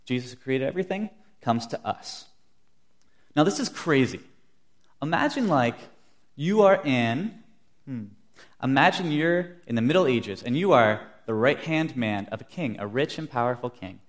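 Young male preacher, earnest sermon delivery, mid-pitched voice, vivid storyteller. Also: lively intonation, normal speed. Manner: earnest, storytelling with acted-out quotes.

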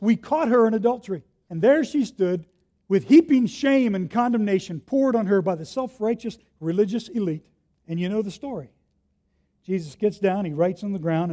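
A man preaching a sermon, telling the story vividly and swinging between hushed and loud delivery. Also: high voice. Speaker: pastor.

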